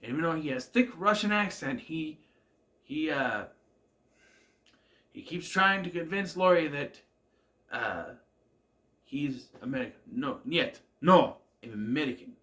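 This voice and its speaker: A man's voice: fairly high pitch, animated, unhurried, long pauses, bright, forceful tone. A man giving a casual, rambling recap of a TV episode, with many fillers and restarts. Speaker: show reviewer.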